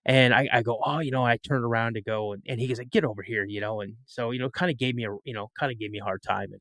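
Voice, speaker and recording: A man's voice: mid-range voice, steady tone, quick pace, fairly bright tone, no echo. A middle-aged man telling a story as a podcast guest, rambling and often repeating and restarting his words. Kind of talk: storytelling in an interview.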